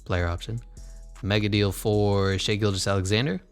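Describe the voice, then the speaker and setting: A man's voice: lowish voice, fairly even intonation, normal speed, smooth, faint music behind. A man commentating his basketball video game in a casual, sarcastic way, swearing and muttering asides. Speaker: gaming channel host.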